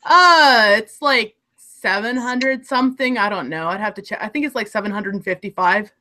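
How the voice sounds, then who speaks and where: A woman's voice: mid-range voice, normal speed, sharp tone, a little hiss or hum. A woman from Alaska with an Alaskan accent, chatting casually and rambling with restarts as a content creator. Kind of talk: casual group chat.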